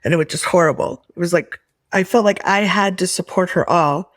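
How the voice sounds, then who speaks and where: Soft-spoken woman sharing, dry sound. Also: fairly low pitch, a little fast, no echo. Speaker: workshop participant. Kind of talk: sharing and guiding tapping.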